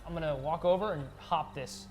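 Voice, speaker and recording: A practical tabletop player who thinks out his moves aloud. His voice sits a bit high. Music runs under the talk. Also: fairly quick. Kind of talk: casual tabletop game chat.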